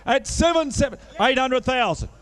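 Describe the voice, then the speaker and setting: High, clear-voiced auctioneer man. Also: animated, a bit bright. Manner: rapid-fire bid chant mixed with coaxing sales patter. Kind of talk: live auction calling.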